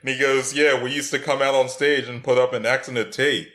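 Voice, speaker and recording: A man co-hosting a casual sports podcast, chatting in a relaxed, slangy way. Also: mid-range voice, a little fast, heavy background noise. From Philadelphia area. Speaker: podcast co-host.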